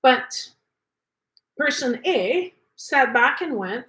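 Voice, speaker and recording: A woman's voice: on the high side, animated, measured pace, fairly bright tone, poor audio. A woman teaching energy work in a casual, conversational way, often asking rhetorical questions. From Canada.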